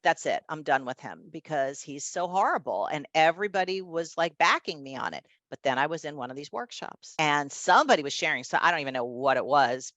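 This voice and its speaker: A woman's voice: sits low, a bit bright, no room sound. A woman in her fifties, a guest, telling a personal story in an emphatic, conversational way and often checking in with her listener.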